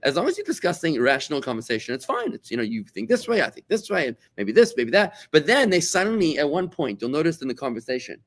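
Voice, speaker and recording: Animated man teaching a Torah class. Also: a little high, fast, gravelly, few pauses. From South Africa. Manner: animated, repeats words while searching, acts out quoted voices. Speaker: rabbi.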